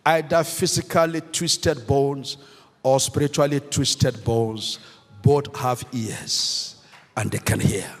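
A pastor with a mid-range, fairly even voice preaches slowly but emphatically, repeating key phrases and questioning the congregation in call-and-response fashion. Soft music plays in the background, and the hall is echoey with long reverb.

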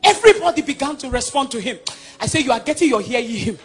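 A man from Nigeria with a Nigerian accent preaching a sermon, emphatic and swinging between loud declarations and hushed passages. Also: very high voice, expressive, fast, slight background noise.

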